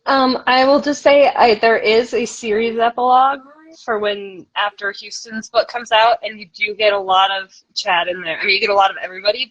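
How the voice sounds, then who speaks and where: Woman, author guest, relaxed chatty talk with plenty of fillers. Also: medium pitch, dry recording, dull audio. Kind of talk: casual interview chat.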